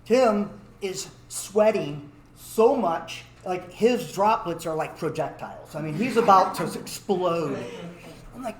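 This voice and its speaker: A man tells a comic personal story, his fairly high voice swinging up and down. He acts out the voices of everyone in it. The room echoes and a faint hiss sits behind him. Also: lively intonation, takes it slowly.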